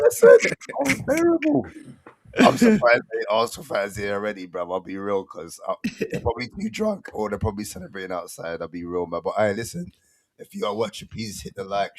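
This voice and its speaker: A man's voice: low voice, expressive, fast talker. A man hosting a casual, slangy football fan chat and often laughing. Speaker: host.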